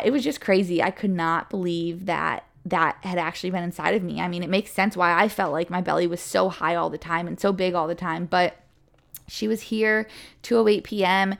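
A woman's voice: fairly low pitch, creaky. A young woman telling her own story in a candid, chatty way, often saying "like" and lifting her voice when it gets emotional. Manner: candid and chatty, with fillers like "like" and quick emotional lifts. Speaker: podcast or vlog host sharing a birth story. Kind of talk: casual personal storytelling.

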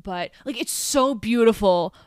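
A woman's voice: on the high side, lively intonation, a little slow, clear, resonant tone, dry recording, clean studio sound. A young woman co-hosting a podcast, casually retelling movie scenes with lots of swearing and quoted lines. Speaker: podcast co-host.

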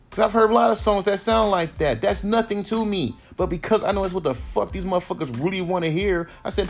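A man on his own podcast, ranting hard and swearing constantly as he presses each point. His pitch jumps all over the place as he talks, rising and dropping with every jab. Faint music plays underneath him. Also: lively intonation, quick pace. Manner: heated, profane, emphatic. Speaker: rapper and podcast host. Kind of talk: solo podcast rant.

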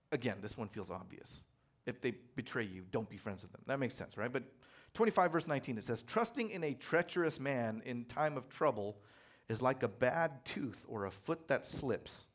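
A man preaching a sermon in a conversational, animated way, telling personal stories with self-deprecating humor. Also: mid-range voice, moderate pace. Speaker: pastor.

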